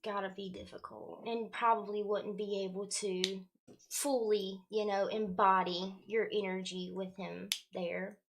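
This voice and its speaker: A woman's voice: medium pitch, level tone, measured pace, creaky, slight background noise. Effusive woman hosting a livestream. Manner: warm, effusive, greets viewers by name with spiritual terms; casual slangy speech, swears now and then. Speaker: spiritual livestream host and card reader. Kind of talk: casual livestream chat with viewers.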